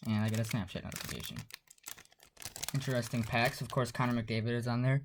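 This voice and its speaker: A man hosting a casual card-unboxing vlog, talking quietly in a half-whisper, sarcastic and dismissive. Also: medium pitch, fast talker. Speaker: card-opening channel host. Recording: noisy home recording with pack crinkling.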